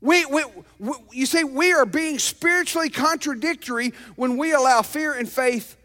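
A male pastor preaching a sermon to his congregation, emphatic and calling out to them, swinging between loud declarations and hushed asides. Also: very high-pitched, moderate pace, hardly any pauses. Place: church sanctuary.

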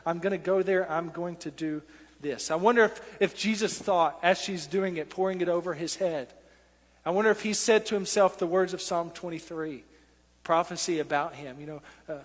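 A man with a high voice preaches a sermon, earnest and rising to impassioned pleading. His words ring out with a long reverb, as in a church sanctuary. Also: brisk, a bit bright.

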